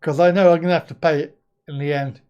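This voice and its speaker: A man's voice: a little high, steady tone, quick pace, darkish tone, clean tone, muffled recording. An older man hosting a live stream, chatting casually, reading out viewer comments, swearing lightly and laughing often.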